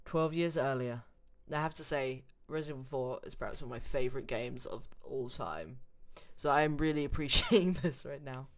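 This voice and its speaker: A woman's voice: rumbling low, brisk. A British woman giving chatty, self-deprecating gameplay commentary. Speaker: let's play gamer.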